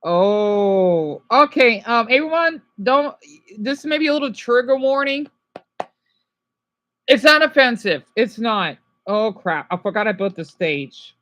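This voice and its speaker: A woman giving casual, rambling commentary while playing a video game, talking excitedly to her viewers. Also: fairly high pitch, a little slow, muffled recording. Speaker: gameplay commentator.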